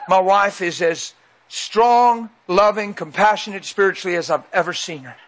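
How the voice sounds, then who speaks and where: A man's voice: high voice, moderate pace, fairly bright tone. A male preacher telling a personal story in a folksy, emphatic way, acting out the dialogue. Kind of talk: sermon storytelling.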